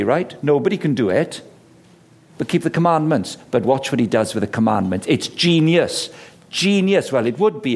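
A man giving a lunchtime Bible talk with lively, jokey emphasis. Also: medium pitch. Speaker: preacher. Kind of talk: lunchtime sermon.

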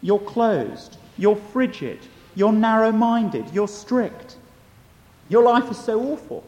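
A wheedling, mocking devil, put on by a preacher mid-sermon, pitched high and swinging widely. Each sly line rings out into a long church reverb. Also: male voice, expressive, slow pace, warm tone. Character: sly tempting male devil.

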